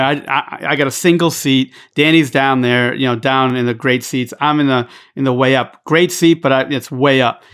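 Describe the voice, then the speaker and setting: A man's voice: mid-range voice, a bit bright. A man, a podcast guest telling a rambling, profanity-filled story in casual chat. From New York.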